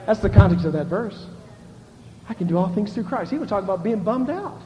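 High-voiced animated pastor in an echoey church. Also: male voice, a little fast, muffled recording. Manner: animated, shifts between shouting and hushed, laughs often. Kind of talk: sermon.

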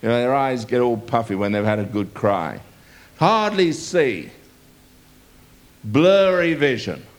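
Delivering a sermon with animation, a man reads scripture aloud and puts rhetorical questions to the audience. He speaks in a mid-range voice at a measured pace, leaving long pauses.

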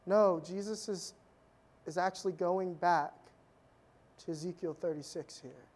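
A pastor delivers a sermon in a conversational storytelling style, adding humorous asides and dropping suddenly from loud emphasis to quiet intensity. His voice is mid-range with fairly even intonation and a measured pace.

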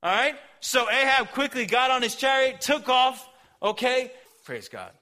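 High bright-voiced young preacher. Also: male voice, big pitch swings, unhurried. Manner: casual slangy preaching with acted voices. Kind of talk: lively sermon storytelling.

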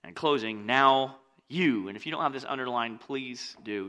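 Bright-voiced joking male pastor. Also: medium pitch, normal speed, hardly any pauses. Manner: conversational, joking asides; swings from loud and lively to quiet. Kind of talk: sermon.

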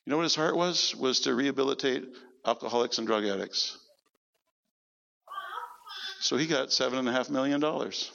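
A man preaching as pastor, telling stories in an animated sermon and quoting people in a lower voice. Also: moderate pace, gravelly, pauses often, long reverb tail, dull audio, slight background noise. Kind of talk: sermon storytelling. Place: church service.

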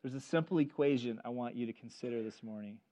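A man preaching a sermon as pastor, telling stories in an animated, conversational way. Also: mid-range voice, quick pace. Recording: dull lo-fi recording.

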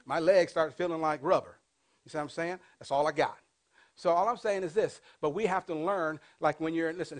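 Fifty-something pastor man preaching, high-ish voice, lots of call-and-response questions to the church. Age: 50s. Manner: animated, swings between loud and hushed. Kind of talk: sermon.

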